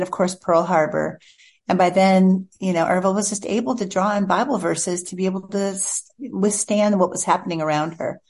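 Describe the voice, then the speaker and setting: A woman's voice: fairly low pitch, a little mellow. A woman guest author telling a heartfelt personal story in a chatty, earnest way.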